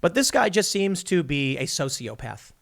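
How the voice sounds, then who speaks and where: A man hosting an opinion commentary show, talking in an animated, sarcastic way and mocking opponents in put-on voices. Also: a little high, moderate pace, gravelly. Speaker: political commentary host.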